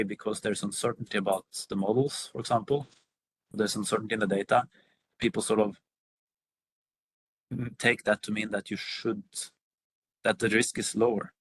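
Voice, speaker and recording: A man's voice: lowish voice, slightly rough, poor audio. A man on a video call answering a workshop question, hesitant with many fillers and restarts. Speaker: workshop panelist.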